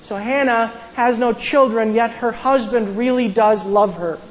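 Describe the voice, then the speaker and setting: A woman's voice: fairly high pitch, a little slow, long reverb tail, rough recording. A woman casually retelling a Bible story as a sermon, with conversational asides and frequent restarts. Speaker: Bible teacher.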